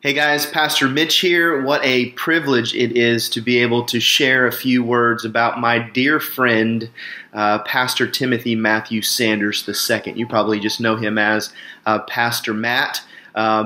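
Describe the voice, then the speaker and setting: A male pastor opens his tribute to a close friend in an upbeat voice. His tone is bright and clear. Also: mid-range voice, steady tone, normal speed.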